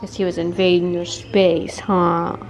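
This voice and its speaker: A woman talking to her cats at home in a cooing, affectionate way, with soft laughs. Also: on the low side, level tone, a little slow, a little hiss or hum. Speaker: cat channel host. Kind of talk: casual talk to her cats.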